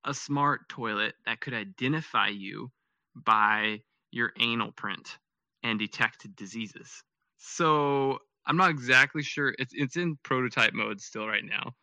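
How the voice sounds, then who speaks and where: Gravelly bright-voiced laid-back male host. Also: mid-range voice, a little slow, no echo. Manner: laid-back, lots of fillers and slang. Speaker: podcast host. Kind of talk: casual chat.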